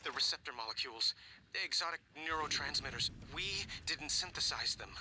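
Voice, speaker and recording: A frantic, desperate scientist. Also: male voice, fairly high pitch, expressive, pushed and bright, a little hiss or hum, low-quality recording. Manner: urgent, halting. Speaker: scientist in an audio log. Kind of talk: video game voice acting.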